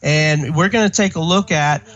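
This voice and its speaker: Man calling in remote, riled-up political rambling, a little high, muffled lo-fi line. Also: fairly bright tone. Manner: rambling, halting, indignant. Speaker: radio co-host. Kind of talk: casual political talk radio. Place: remote line from another state.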